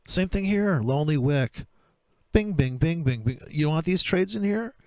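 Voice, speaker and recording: A man talking through trading charts in a profane, sarcastic rant, with a gravelly voice. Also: fairly high pitch, expressive, a little slow, a little mellow, dry recording. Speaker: trader. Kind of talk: screen-share trading commentary.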